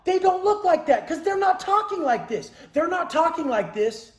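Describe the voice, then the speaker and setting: A man's voice: extremely high pitch, big pitch swings, moderate pace. Cursing, preachy man in an echoey room. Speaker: motivational speaker. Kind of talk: profane motivational rant. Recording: roomy echo.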